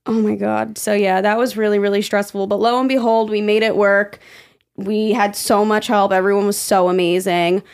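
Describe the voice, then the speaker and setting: A young woman co-hosting a podcast in casual chat, telling stories animatedly with plenty of swearing. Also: normal speed. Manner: animated storytelling, swears freely, voice jumps high when quoting. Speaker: podcast co-host.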